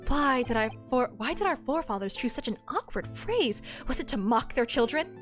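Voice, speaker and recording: Woman doing a dramatic young guy from a game, big swoops up and down, kinda high, faint music behind. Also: animated, moderate pace.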